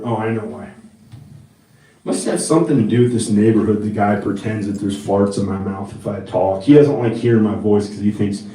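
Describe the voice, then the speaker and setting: A man's voice: on the low side, dark tone. A man vlogging in a rambling, profane monologue, talking into a handheld microphone. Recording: roomy, mic held far off.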